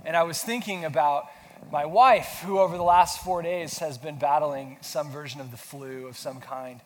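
A man's voice: fairly high pitch, normal speed. A pastor preaching a sermon, feeling sick, talking casually and asking his congregation questions. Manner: conversational, self-deprecating humor, asks the audience questions. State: sick with flu. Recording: long hall reverb, faint noise.

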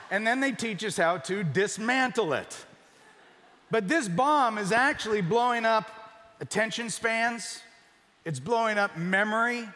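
A high, bright-voiced man preaches to a large church, emphatic and dropping to a near-whisper for the points that matter most. His voice carries a long reverberant hall tail. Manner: emphatic, drops to a hush for key points. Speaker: pastor. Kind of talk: sermon.

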